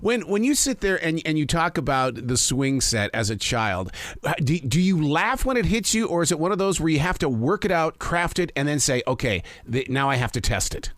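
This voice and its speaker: A man's voice: a little high, big pitch swings, a little fast, fairly bright tone, no echo, clean studio sound. A male interview host asking long, rambling, enthusiastic questions in casual chat.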